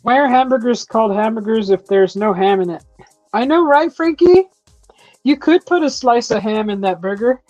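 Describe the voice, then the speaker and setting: A woman's voice: medium pitch, a little fast, hardly any pauses, a little mellow, no echo, muffled recording, soft background music. A woman hosting a casual live chat from her home kitchen, chatty and teasing, laughing often as she reads viewer comments. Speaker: host of a live chat stream.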